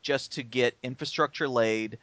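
A man talks in a relaxed podcast chat, measured and wry. His voice sits at an ordinary pitch and is recorded close and dry. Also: no echo. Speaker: podcast co-host. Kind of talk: casual chat.

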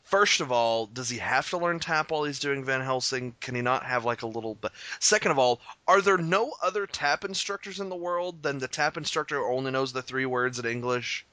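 A man co-hosting a podcast in casual chat, wry and joking, with quick asides. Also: medium pitch, bright, forceful tone, no echo. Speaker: podcast co-host.

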